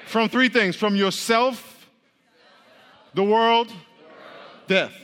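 A man preaching a lively, interactive sermon, playfully teasing the congregation and leading them in repeat-after-me chants. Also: high voice, slow pace, clear, resonant tone. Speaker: pastor. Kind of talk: interactive sermon with call-and-response. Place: church hall. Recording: long hall reverb.

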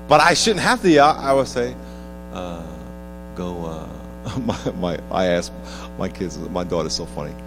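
A man preaching a sermon, telling stories with animated delivery that rises to loud exclamations. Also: sits low, a little slow, pauses often, over music, rough recording. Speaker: pastor.

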